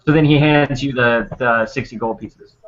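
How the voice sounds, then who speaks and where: A man narrating as game master of a tabletop game, rambling and pausing often for fillers. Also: mid-range voice. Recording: muffled lo-fi recording.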